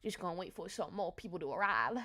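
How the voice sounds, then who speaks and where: A woman's voice: lowish voice, expressive, quick pace, bright, forceful tone. A woman streamer in casual, giggly chat, greeting her viewers by name.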